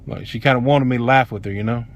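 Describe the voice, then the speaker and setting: A man's voice: mid-range voice, fast talker, dull audio, slight background noise. A middle-aged man, telling a personal story bluntly and with plenty of swearing. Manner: blunt, profane, heated. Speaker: vlogger. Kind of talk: casual storytelling.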